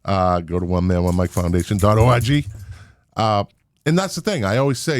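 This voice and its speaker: A middle-aged man hosts a relaxed podcast chat. His voice sits somewhat low and the sound is dry and close, with no room around it. He talks in a loose, joking way and laughs easily. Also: normal speed, no echo. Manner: jokey, chatty, laughs often. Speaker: podcast host. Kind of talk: casual interview chat.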